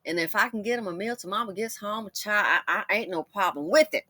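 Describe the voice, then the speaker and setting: A middle-aged woman hosting a commentary video, telling personal stories in a chatty, animated way and laughing as she goes. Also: medium pitch, brisk, dry recording. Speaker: commentator host. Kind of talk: casual storytelling commentary.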